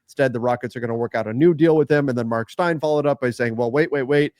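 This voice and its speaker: Brief: steady male co-host, even mid voice, dry mic. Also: medium pitch, dry recording. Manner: measured, lays out points. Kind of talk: casual sports talk.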